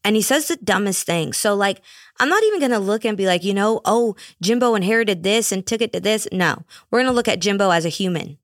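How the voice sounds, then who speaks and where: A woman's voice: mid-range voice, animated, a little fast, no echo, clean studio sound. A young woman hosting a casual solo podcast, ranting with sarcastic, mocking asides. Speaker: podcast host.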